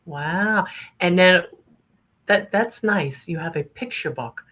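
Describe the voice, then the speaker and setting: A woman hosting an interview, asking questions and reacting with quick encouraging remarks. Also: fairly low pitch, a bit bright. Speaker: host. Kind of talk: casual interview chat.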